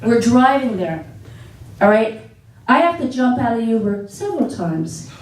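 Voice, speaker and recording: A woman doing a stand-up set on a comedy theater stage, telling stories with animated exclaimed asides. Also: a little high, moderate pace. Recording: echoey theater, distant mic.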